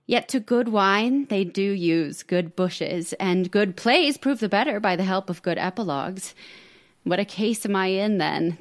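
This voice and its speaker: An American actress reading a witty young woman's stage epilogue aloud, with measured, theatrical emphasis. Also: on the low side.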